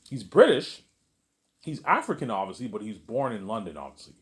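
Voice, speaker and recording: A man with a very deep voice records a rambling late-night vlog indoors. He wanders from thought to thought, restarts his sentences and keeps repeating himself. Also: big pitch swings, fairly quick. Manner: meandering, repeats himself, says "obviously" often. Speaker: vlogger.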